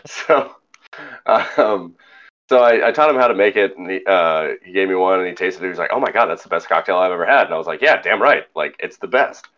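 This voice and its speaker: A man co-hosting a podcast, telling an animated story in casual chat and swearing freely. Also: low voice, a little fast, dull audio. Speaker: podcast co-host.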